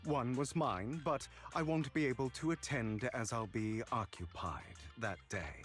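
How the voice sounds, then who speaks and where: A man reading game dialogue aloud as a smooth, flattering young male information broker with a theatrical, courteous manner. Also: medium pitch.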